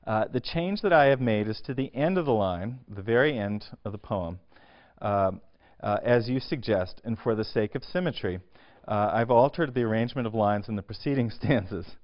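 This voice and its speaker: A man giving a university lecture on poetry, often hesitating with filler sounds, clearing his throat and restarting his sentences. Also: fairly low pitch, expressive, moderate pace. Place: lecture hall. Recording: dull lo-fi lecture recording.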